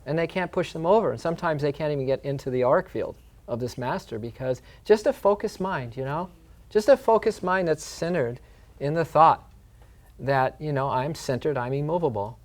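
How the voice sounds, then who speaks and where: A man's voice: fairly high pitch, animated, normal speed. A man co-host giving a spiritual talk, reflective and repeating key phrases for emphasis. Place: yoga studio.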